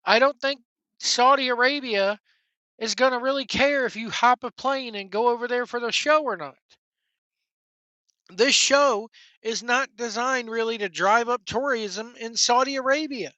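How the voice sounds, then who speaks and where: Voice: medium pitch, animated, normal speed, pushed and bright, no room sound, highs cut off. Blunt, sarcastic wrestling vlogger. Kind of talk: casual opinion rant.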